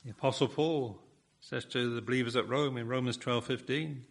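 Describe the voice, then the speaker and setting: A man's voice: mid-range voice, fairly even intonation, moderate pace, creaky. A man preaching a sermon, building his points with rhetorical questions and emphatic repetition.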